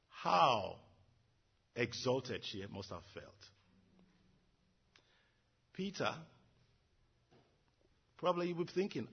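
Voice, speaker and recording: A man preaches an earnest sermon with a very husky, raspy voice. His pitch swings widely as he drives his points home, repeating phrases for weight. The recording sounds dull and lo-fi. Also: expressive, slow pace, long pauses. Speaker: pastor.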